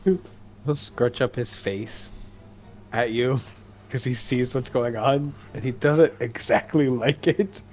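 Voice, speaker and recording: A man's voice: medium pitch, takes it slowly, darkish tone, a little hiss or hum. A man playing a tabletop game, joking around in a playful way. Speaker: player.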